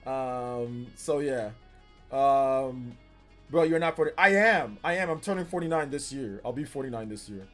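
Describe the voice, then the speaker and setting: A man in his forties streaming live and reading chat, laid-back with bursts of animated teasing. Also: medium pitch, normal speed. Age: 40s. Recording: faint music behind the voice.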